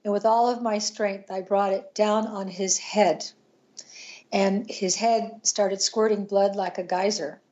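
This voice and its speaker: An older woman, a podcast guest, tells a painful personal story in an earnest, halting way, with restarts and pauses. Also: mid-range voice, fairly even intonation, a little mellow, highs cut off.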